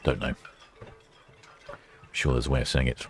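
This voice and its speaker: Narrating ship departures on a livestream from a quayside port camera station, an Englishman chats casually and reads out viewer comments. He speaks at normal speed in an extremely low, monotone voice, with slight background noise.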